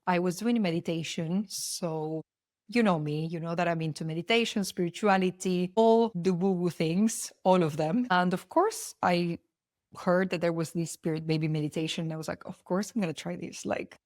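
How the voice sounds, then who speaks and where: A young adult woman hosts her own podcast, speaking in a fairly low voice. She talks earnestly and from the heart, often rambling and restarting her sentences. The recording is close and dry, with no room sound. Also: normal speed, a little mellow, dry recording. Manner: earnest and heartfelt, openly spiritual; loose and rambling with many restarts. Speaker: podcast host. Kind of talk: personal podcast monologue.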